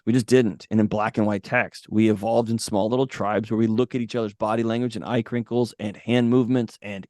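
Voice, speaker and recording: A man's voice: on the low side, a little mellow, no echo. Man, podcast guest, blunt, emphatic, casual advice, dry sound. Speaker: podcast guest, mental health author.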